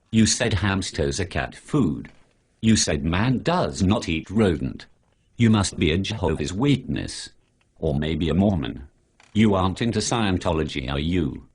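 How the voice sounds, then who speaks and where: A man's voice: low voice, darkish tone, husky, full character voice. A male synthetic voice playing a sarcastic superhero who lectures his friend about refusing pork, reeling off lists of things. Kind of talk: synthetic animated dialogue.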